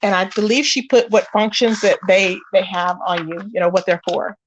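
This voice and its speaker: Heard through a muffled recording with slight background noise, a woman with a mid-range voice hosts a casual gossip livestream. She talks at normal speed, chatting to her viewers directly and exclaiming often.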